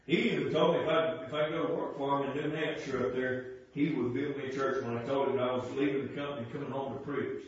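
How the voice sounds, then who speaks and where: A man preaching a fervent sermon in a folksy, repetitive way that builds to impassioned shouting. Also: mid-range voice, fairly even intonation, fast, hardly any pauses. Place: church sanctuary. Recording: very echoey church sound from far off, dull.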